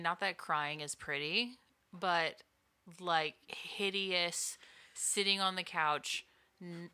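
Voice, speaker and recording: Playful bright woman co-host. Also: on the low side. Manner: playful, teasing, laughs often. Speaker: podcast co-host. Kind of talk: casual chat.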